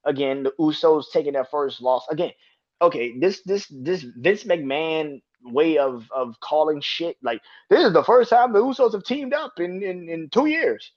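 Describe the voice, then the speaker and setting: A man hosting a podcast, reviewing wrestling in a casual, profane rant. He keeps jumping into high-pitched outbursts. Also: expressive, normal speed, a little mellow, dull audio. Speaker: podcast host.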